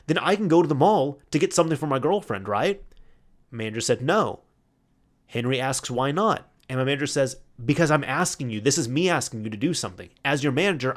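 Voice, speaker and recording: Man, podcast host, casual solo storytelling, quotes coworkers in his own voice, mid-pitched. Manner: animated retelling, quoting coworkers in his own voice, laughing at the memory.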